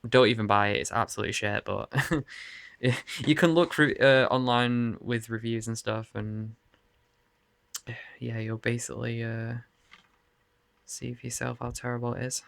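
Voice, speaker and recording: A man's voice: mid-range voice, fairly even intonation, normal speed, creaky, long pauses, a bit bright, smooth, no room sound. A man rambling casually to camera in his bedroom about his game collection, laughing and swearing often. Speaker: video game collector showing his cases.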